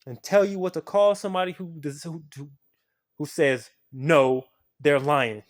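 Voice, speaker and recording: Intense, profane spiritual ranter. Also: moderate pace. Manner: intense, profane, swings from low muttering to shouting. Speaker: spiritual video creator. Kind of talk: impassioned spiritual rant to camera.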